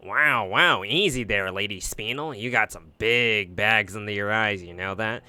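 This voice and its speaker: A man's voice: fairly low pitch, a little slow, pushed and bright, no room sound. A man voicing an easygoing male knight who teases and soothes, reading aloud from a game. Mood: teasing.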